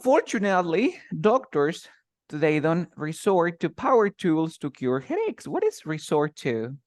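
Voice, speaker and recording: A man's voice: a little high, very animated, a little slow, no echo, studio quality. A man teaching English, patiently explaining words and stress while switching between English and Spanish. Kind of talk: bilingual English lesson.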